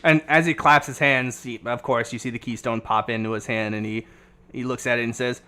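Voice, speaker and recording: A man acting as game master, narrating a tabletop game in a relaxed, halting way with many fillers. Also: medium pitch, clear, resonant tone.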